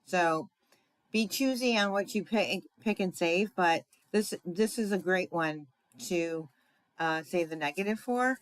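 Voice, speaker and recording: A woman demonstrates a crafting project live, talking to her viewers in an unhurried, easygoing way. Her voice sits a little low, and she thinks aloud as she works, with plenty of fillers and small asides. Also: dry recording, rough recording.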